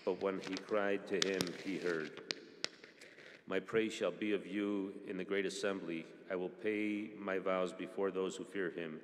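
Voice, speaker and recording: A man with a very low, level voice reads psalms aloud in a church. His reading is steady and even, with small slips and restarts now and then. A long reverb trails behind each phrase in the large space. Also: a little slow, background noise. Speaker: church reader.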